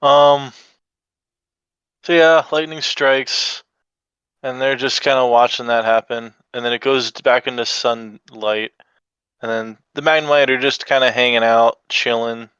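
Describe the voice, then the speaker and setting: A man guests on a casual podcast and recaps scenes in a laid-back, rambling way. His voice is smooth and mid-pitched. It comes through a dull, lo-fi microphone in a dry space. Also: fairly bright tone, dry recording. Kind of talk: casual chat.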